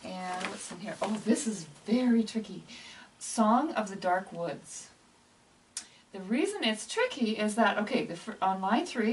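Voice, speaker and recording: A woman's voice: medium pitch, sing-song, measured pace, distant mic. A woman explaining how to teach piano pieces and slurs to other teachers, in a chatty instructional way. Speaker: music teacher trainer. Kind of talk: casual instructional walkthrough.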